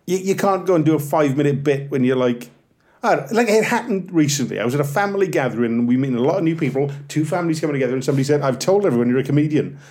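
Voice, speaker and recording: A Welsh man around forty, a comedian chatting on a podcast, telling animated, self-deprecating stories and slipping into little bits. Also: a little high, racing. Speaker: comedian guest. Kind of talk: casual podcast chat.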